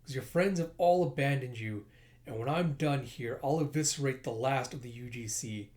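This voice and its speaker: A man's voice: mid-range voice, moderate pace, darkish tone, natural voice. A man voicing a cruel witch queen villain. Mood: cold, scornful. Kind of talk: comic book read-aloud.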